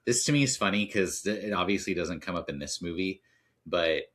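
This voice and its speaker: A man's voice: low-pitched, animated, brisk, fairly bright tone. A man co-hosting a casual movie podcast, sharing enthusiastic opinions with frequent restarts and hesitations. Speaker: podcast co-host.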